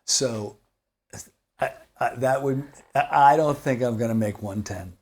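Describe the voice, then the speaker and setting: Husky seventy-year-old man telling stories. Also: mid-range voice, unhurried. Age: 70s. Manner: rambling, animated, laughs while telling stories. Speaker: guitar maker and company founder. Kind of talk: casual interview storytelling.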